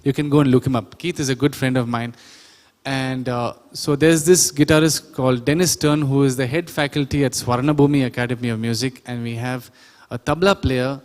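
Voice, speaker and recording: A man's voice: mid-range voice, darkish tone. A man teaching a sound production class, chatty and often quizzing his audience. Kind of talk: classroom lecture. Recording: reverberant lecture hall.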